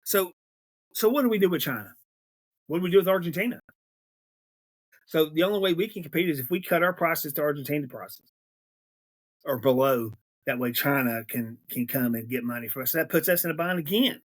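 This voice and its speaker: A man's voice: a little high, fairly quick, long pauses. Emphatic, aggravated male political ranter. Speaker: podcast host. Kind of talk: political commentary rant.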